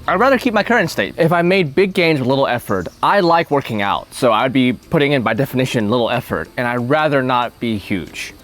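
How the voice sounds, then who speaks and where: A man's voice: mid-range voice, lively intonation, a little fast, hardly any pauses, fairly bright tone, soft background music. A man hosting a casual chat, thinking aloud, often laughing, with restarts as he answers questions. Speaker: channel host answering questions.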